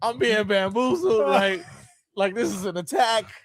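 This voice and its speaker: A man, a sports columnist telling a story in casual chat, animated and laughing as he acts out quotes. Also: high-pitched, unhurried, a crowd in the background.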